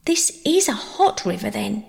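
A woman voicing an eager, bossy young girl in a storybook reading, bright and chatty, with a gravelly edge and long reverb. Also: mid-range voice, very animated, a little slow, heavily acted. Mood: playful.

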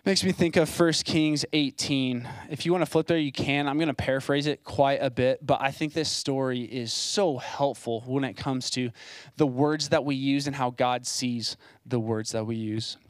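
A man's voice: medium pitch, fairly even intonation, moderate pace, dry recording. A young man preaching a sermon as a site pastor, in a casual, conversational way with plain asides.

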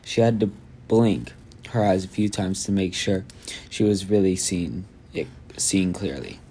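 With a low, mellow voice and a measured pace, a man reads a chapter aloud for an amateur audiobook. Slips and restarts are frequent, he adds his own remarks, and slight background noise can be heard.

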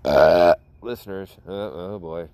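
A man's voice: sits low, takes it slowly, a little mellow, clear, resonant tone. A man hosting a podcast, telling a rambling story in a casual way and breaking into laughter often. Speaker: podcast host.

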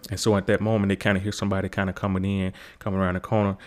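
A man's voice: low-pitched, flat delivery, very fast. A man recapping a TV episode in a casual, rambling way, repeating himself and saying kinda a lot.

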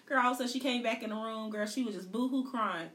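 High, bright, lively woman in an echoey room. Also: quick pace. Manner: lively storyteller, says girl constantly. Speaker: mother. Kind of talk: casual chat among friends.

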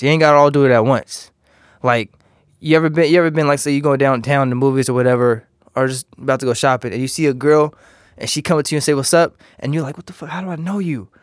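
A man's voice: fairly high pitch, clean tone, no echo, clean studio sound. A young man in casual, crude banter with a co-host, joking and laughing in loose slang.

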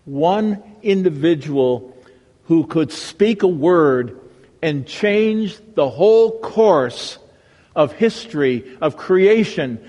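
A male pastor preaching a sermon with a dramatic delivery that swings from raised emphasis to hushed, reverent tones. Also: high-pitched, big-room sound.

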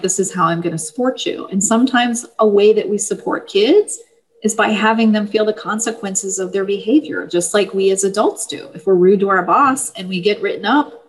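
A woman, an author of parenting books, explaining her books and advice in a steady, easygoing interview manner with small fillers. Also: mid-range voice, low-quality recording. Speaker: parenting book author, guest. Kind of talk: casual interview talk.

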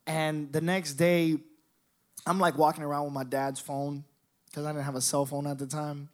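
Animated young man telling a profane story. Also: fairly high pitch, normal speed. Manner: animated, profane, acts out voices of others. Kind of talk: storytelling monologue.

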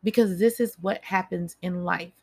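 A woman with a somewhat low voice delivers a casual motivational talk. She is chatty and addresses her listeners directly. She repeats key phrases to drive them home. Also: steady tone, normal speed, creaky. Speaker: motivational speaker.

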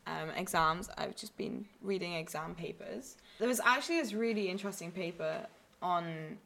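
This Newcastle-area university student, a young woman with a northern English accent, rambles through a relaxed podcast chat she co-hosts, full of fillers and false starts. She speaks at normal speed in a fairly low, gravelly yet fairly bright voice with lively intonation.

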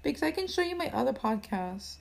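A woman's voice: high voice, big pitch swings, brisk, gravelly. A woman guest on a casual podcast chat over a video call who blurts out random ideas.

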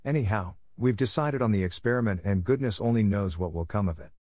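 Man reading a stern old spinster in a storybook, brisk and scolding, low and dry. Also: darkish tone, no echo, lightly acted. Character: stern strict spinster woman, older, sharp-tongued.

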